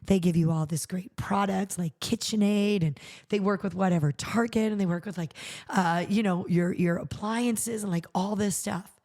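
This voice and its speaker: A woman's voice: mid-range voice, steady tone, moderate pace, warm tone. A middle-aged woman, a charity founder and podcast host, tells a personal story in conversation, acting out the quoted dialogue with animation.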